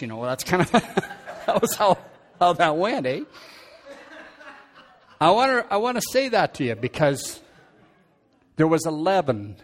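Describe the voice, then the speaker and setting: An older man giving a rambling, homespun church testimony into a headset mic, often chuckling and restarting words. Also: medium pitch. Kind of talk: folksy testimony storytelling.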